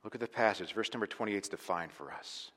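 A man preaching a sermon as pastor, talking conversationally and with emphasis, sometimes falling to a quiet, intense tone. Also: on the low side, fast talker, slightly rough, big-room sound.

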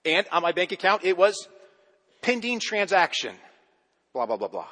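A male pastor delivers a sermon in a church sanctuary, his voice a little husky. He punches key words loudly, then lets phrases sink low and soft. A long reverb trails behind every line. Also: big pitch swings, normal speed. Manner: emphatic, swinging between loud urgent stresses and low quiet endings.

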